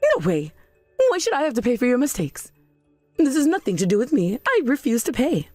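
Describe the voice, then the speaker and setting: A woman plays an indignant middle-aged mother in a storybook drama, defensive and quick to shift blame. Her voice sits a little high and swings widely, recorded dry and close. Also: huge pitch swings, darkish tone, dry recording, faint music behind. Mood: outraged.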